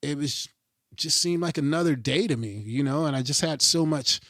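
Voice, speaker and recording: A middle-aged man talking casually as a podcast guest, emphatic and animated, swearing freely and often checking in with his listener. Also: on the high side, moderate pace, no echo, clean studio sound. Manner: animated, emphatic, swears freely, keeps asking "you know what I mean". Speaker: podcast guest, pro skateboarder. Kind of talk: casual interview chat.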